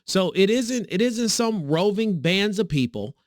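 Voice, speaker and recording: A man hosting a reaction video, talking sarcastically and mockingly, with sudden high swoops in his voice. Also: measured pace, hardly any pauses, no echo, studio quality. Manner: sarcastic, mocking, animated pitch swings. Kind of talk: reaction commentary.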